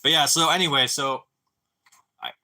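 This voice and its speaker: A young man talks casually to a live stream audience with a very bright, forward voice. He rambles through a story, stumbles over restarts, swears freely and drops "dude" and "bro" into nearly every line. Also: fairly high pitch, normal speed, gravelly. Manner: stammering restarts.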